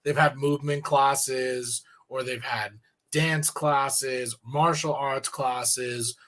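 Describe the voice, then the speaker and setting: A man's voice: medium pitch, fairly even intonation, takes it slowly, a bit bright. A man hosting a talk radio show, asking long, rambling questions in a casual conversational way. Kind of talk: radio interview.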